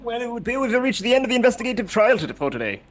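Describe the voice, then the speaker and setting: A man voicing a confident, eccentric male detective while reading game dialogue aloud, quick and theatrical. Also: very high-pitched, sing-song, soft background music.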